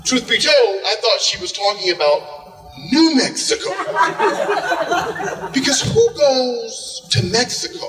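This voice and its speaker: A middle-aged man from Oklahoma telling a comic story live to an audience, animated and acting out quoted lines. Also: very high-pitched. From Oklahoma, USA. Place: large hall with an audience. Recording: echoey hall, far from the mic.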